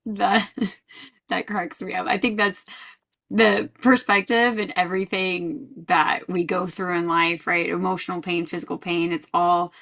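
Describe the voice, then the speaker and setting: Podcast host, woman, bright and chatty, quick to laugh. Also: lowish voice, flat delivery, vocal fry. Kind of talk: casual chat.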